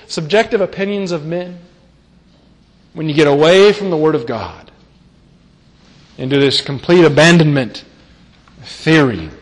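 High-voiced man preaching in a reverberant hall. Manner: emphatic, repeats key phrases, asks rhetorical questions. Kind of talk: sermon. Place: church meeting hall. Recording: long reverb of a large hall.

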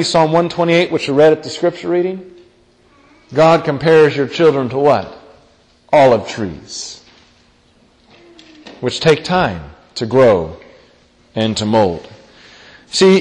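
Young male pastor, high voice, earnest preaching with repeated phrases and questions to the congregation, long reverb of a church hall. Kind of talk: sermon.

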